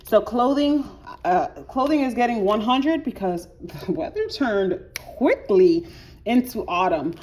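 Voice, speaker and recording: A woman's voice: fairly high pitch, expressive, a little slow, darkish tone, a little hiss or hum. A woman chatting casually through her budget at home, a bit wheezy, peppering her talk with "like" and restarting sentences. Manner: chatty, frequent filler "like", self-correcting restarts. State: slightly wheezy. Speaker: budgeting vlogger.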